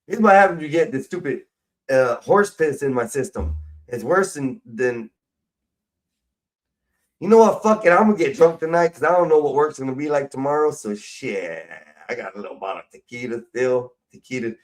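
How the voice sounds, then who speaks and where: Man, casual livestream rant, profane, drinking, mid-pitched voice. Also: lively intonation, normal speed, low-quality recording. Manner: profane, rambling, drinking while talking. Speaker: stream host. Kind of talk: casual rambling livestream chat.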